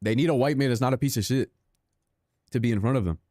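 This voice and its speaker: A young man talks fast in a mellow, medium-pitched voice while streaming a racing game, bantering with viewers in a rambling, sarcastic, self-mocking style. The sound is clean studio audio without echo.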